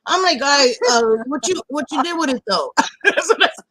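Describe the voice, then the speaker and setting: A woman's voice: sits high, normal speed, no echo. A woman hosting a casual live stream chat, telling a story with lots of swearing and laughter. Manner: profane, animated, laughs a lot.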